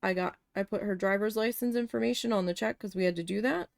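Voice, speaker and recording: While painting, an art vlogger casually recounts her time as a retail cashier in a long, candid, profane story full of rambling self-corrections. Her medium-pitched voice moves at a quick pace with some vocal fry, captured in studio quality with no echo.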